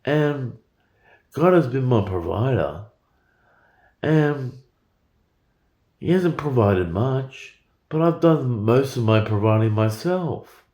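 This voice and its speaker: A man's voice: mid-range voice, animated, takes it slowly, long pauses, a little mellow, roomy sound. A man in his forties talking in a rambling, profane monologue with frequent stammered repetitions. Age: 40s.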